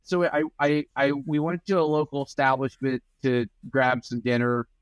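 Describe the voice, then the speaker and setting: A man's voice: medium pitch, flat delivery, moderate pace, clean tone. A young male podcast co-host riffing playfully in casual chat. He acts out made-up conversations as he goes. The sound is dry and close, with no room echo.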